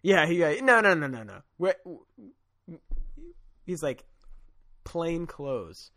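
A man's voice: fairly high pitch, big pitch swings, slow, pushed and bright, no echo, clean studio sound. A man co-hosting a podcast, retelling a comic story in casual chat, laughing often and loosely acting out the characters' lines. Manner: chatty, laughs often, acts out quotes loosely. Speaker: podcast co-host.

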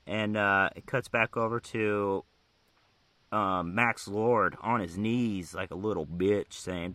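A man's voice: fairly low pitch, takes it slowly, bright, forceful tone, no echo. A man co-hosting a podcast, retelling a comic in a crude, joking, casual way. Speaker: podcast co-host reading a comic. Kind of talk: casual chat.

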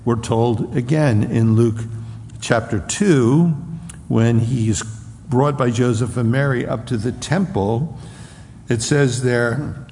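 A man preaching a sermon in an earnest way, sometimes acting out loud taunts from a crowd. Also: medium pitch, slow, a little hiss or hum. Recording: reverberant hall with faint ambience.

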